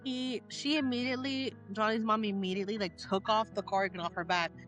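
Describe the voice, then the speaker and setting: A woman's voice: mid-range voice, steady tone, brisk, a bit bright, soft background music. A woman co-hosting a casual book club podcast, opinionated and rambling, swearing casually. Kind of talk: casual chat.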